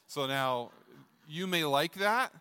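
A middle-aged pastor preaches a chatty, jokey sermon, putting questions to the congregation. His voice is a little high, smooth and sharp-toned, slow but lively in intonation, with long hall reverb from the church sanctuary.

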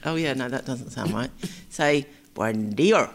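A woman's voice: extremely low pitch, moderate pace, creaky, a little hiss or hum. A woman from England chats with her partner on a casual podcast. She teases him, laughs often and rambles happily from one topic to the next. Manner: chatty, teasing, laughs often. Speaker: podcast co-host. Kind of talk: casual chat.

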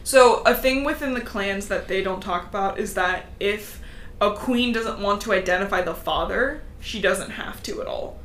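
The co-host recaps a book in a relaxed, speedy way, briefly voicing the cat characters' lines herself. Her voice is mid-range and a bit bright, with slight noise in the background.

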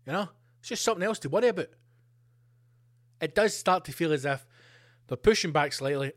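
A man hosting a podcast, ranting comedically with plenty of swearing and animated asides. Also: fairly high pitch. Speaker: podcast host. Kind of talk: comedic rant.

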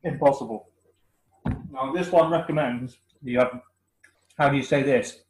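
A man's voice: mid-range voice, normal speed, poor audio. Teasing man with a West Country accent. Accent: West Country English. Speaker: podcast co-host. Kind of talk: casual chat.

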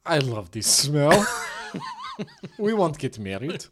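A man imitating a scattered young woman with a thick Ukrainian accent, speaking broken English in a high, sing-song voice. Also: sing-song, slow, noisy background. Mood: giddy.

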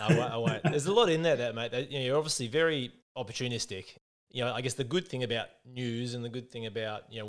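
A man hosting a casual interview, friendly and loose, often calling his guest mate and repeating words as he starts sentences. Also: fairly low pitch. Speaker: podcast host.

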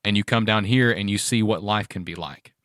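Low-voiced earnest male host. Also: fairly bright tone, dry recording, clean studio sound. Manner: earnest, measured, with filler ums. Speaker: podcast host. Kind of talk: casual interview talk. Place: around a table with guests.

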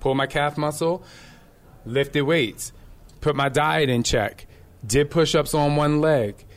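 Speaking slowly in a slightly high voice, a middle-aged fitness instructor has an energetic casual chat. He tells animated stories and voices the quotes within them.

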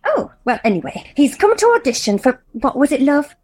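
A woman's voice: high voice, very animated, brisk, a little mellow. An actress playing a polite, fussy woman helping run auditions.

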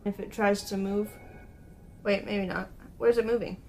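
A woman's voice: medium pitch, steady tone, moderate pace, slight background noise. A woman playing a tabletop role-playing game, chatting playfully and giggling often. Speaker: player. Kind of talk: casual chat at a tabletop game.

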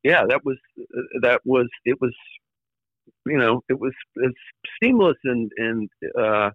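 A man guest in an interview, recalling his years in the record business in a halting way, with many fillers and restarts and the odd wry laugh. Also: medium pitch, expressive, dry recording, muffled recording. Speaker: former record label executive, guest. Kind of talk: conversational interview storytelling.

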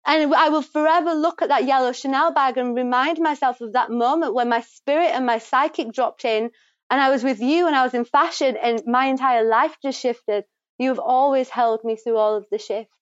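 A woman giving a psychic reading, talking passionately and quickly, swearing freely and affirming the listener. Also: high-pitched, no echo. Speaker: psychic reader and guest. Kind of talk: intuitive reading, casual and emphatic. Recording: dry, slightly muffled recording.

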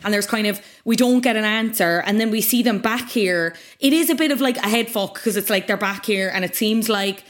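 A woman's voice: mid-range voice, fairly quick, hardly any pauses. A woman hosting a podcast, chatting casually and jokily, swearing freely as she recaps a TV show. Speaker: podcast host.

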